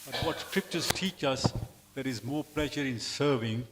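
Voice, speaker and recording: A man in an audience at a spiritual class, making an earnest, halting comment with repeated words. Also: mid-range voice, noisy background. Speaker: audience member asking a question. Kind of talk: question from the floor. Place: temple hall.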